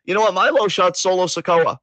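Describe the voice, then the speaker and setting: A man's voice: sits high, brisk, pushed and bright, dry recording. A man hosting a casual podcast chat, joking, laughing and swearing casually. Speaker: host.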